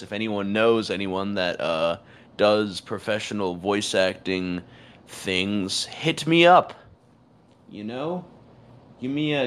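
Slow-talking man in rambling, ironic chat. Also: on the low side, slight background noise. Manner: rambling, ironic and self-mocking. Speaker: host of an audio chat room. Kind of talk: casual chat.

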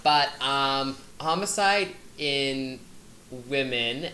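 Low-voiced teenage girl, rambling chat. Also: drawn-out words, pushed and bright. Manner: rambling, trails off with fillers. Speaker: co-host. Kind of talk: casual chat.

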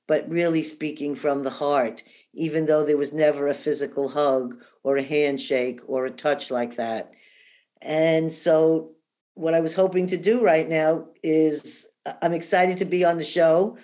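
A woman's voice: sits low, a little mellow. A woman speaking as an interview guest, earnest, emotional and spiritual in how she talks, with frequent restarts. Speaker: interview guest, shaman and remote viewer. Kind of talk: heartfelt interview talk.

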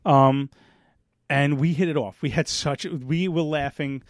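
A man's voice: a little high, steady tone, measured pace, dry recording, studio quality. A man co-hosting a podcast, telling a rambling story in casual chat and losing his thread now and then. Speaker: podcast co-host.

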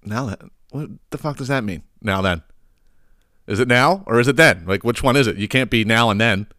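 A man's voice: medium pitch, fast, pushed and bright. A man, hosting a comedic solo rant, swearing and exasperated. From Philadelphia area. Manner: profane, exasperated ranting with chuckles. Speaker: podcast host.

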